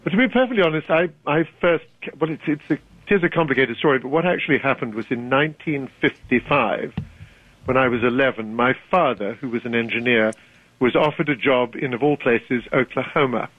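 A man's voice: medium pitch, a little fast, slightly rough, no room sound. An older man with a British accent, a genial and wry author guest in a casual interview, chuckling often. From Britain. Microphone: telephone. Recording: tinny phone line.

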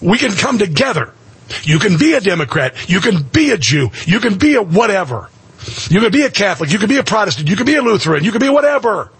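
A man's voice: high-pitched, very animated, fast, fairly bright tone, slightly rough, no echo. A man in his sixties hosting a talk radio show, delivering an impassioned, preachy monologue and repeating phrases for emphasis. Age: 60s.

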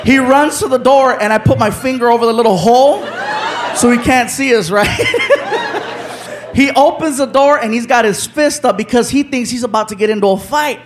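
A man doing stand-up storytelling, animated and laughing as he acts out the scene. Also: extremely high pitch, normal speed. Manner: animated, laughing through lines, acting out voices. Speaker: stand-up comedian. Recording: loud crowd laughter in a noisy venue.

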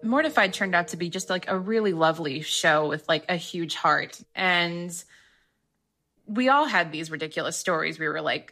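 A woman's voice: low-pitched, sharp tone. A woman talking as a guest in a casual interview, chatty and peppered with filler words. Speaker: guest author.

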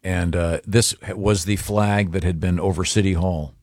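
A man's voice: deep voice, steady tone, moderate pace, darkish tone, no room sound, studio quality. A man co-hosting a casual show, wry and joking as he tells stories. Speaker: co-host. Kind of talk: casual banter.

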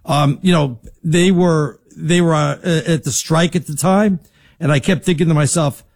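A man's voice: a little high, unhurried. Boisterous storytelling male sports host. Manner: boisterous storyteller, loud and lively. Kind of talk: casual sports talk banter.

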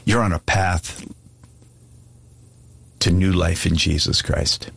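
A man's voice: deep voice, fairly even intonation, slow pace, creaky, fairly bright tone, a little hiss or hum. A man preaching an earnest, pleading sermon and asking listeners to give their lives to Jesus. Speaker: pastor. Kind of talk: sermon altar call.

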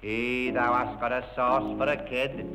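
A man's voice: mid-range voice, flat delivery, unhurried, natural voice, poor audio. A man voicing a pompous French emperor, declaiming with mock French phrases. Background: instrumental music.

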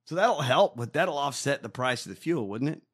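A man co-hosting a casual show, ranting and swearing in an animated way. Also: mid-range voice, normal speed, breathy edge. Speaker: podcast co-host. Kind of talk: casual profane chat.

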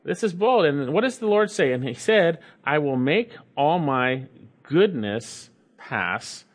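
Man, fairly high voice, sermon, emphatic, repeats phrases, reads scripture. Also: sing-song, slow pace. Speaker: preacher.

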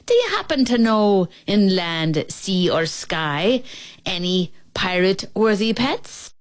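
A woman voicing a gruff, blustery male pirate captain in a storybook reading, with drawling pirate talk. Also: mid-range voice, big pitch swings, slow.

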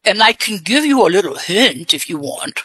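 A woman's voice: big pitch swings, fairly bright tone, slightly rough, no room sound. Woman with a put-on English accent. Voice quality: deep-pitched. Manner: hesitant, halting with many fillers. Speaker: mystery guest. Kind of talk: radio guessing-game interview.

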